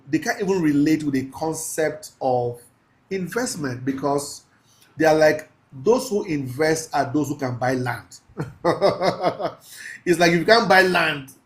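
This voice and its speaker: Emphatic preachy man teaching a class. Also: on the high side. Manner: preachy, emphatic, slows down to stress key phrases; laughs often, casual asides to the class. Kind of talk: live class lecture.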